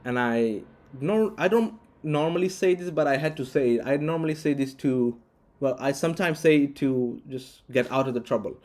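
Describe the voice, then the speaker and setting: A man's voice: mid-range voice, moderate pace, hardly any pauses, a little mellow. A man vlogging, telling a personal story casually with many restarts and fillers. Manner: rambling, frequent restarts and fillers.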